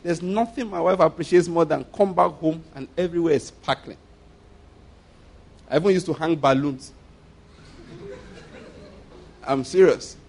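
Casting: male pastor, high voice, emphatic and repetitive sermon delivery. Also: normal speed, creaky, darkish tone. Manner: emphatic, repetitive, rhetorical questions.

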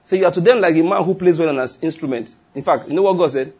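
Male pastor, middle-aged, husky tone, emphatic sermon delivery. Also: fairly high pitch, racing, darkish tone. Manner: emphatic, repetitive preaching with acted quotes and chuckles.

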